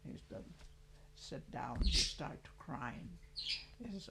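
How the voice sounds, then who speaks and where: An elderly grandmother telling a traditional story in a slow, halting way, then chanting a song. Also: low voice, expressive, vocal fry, very noisy. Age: older.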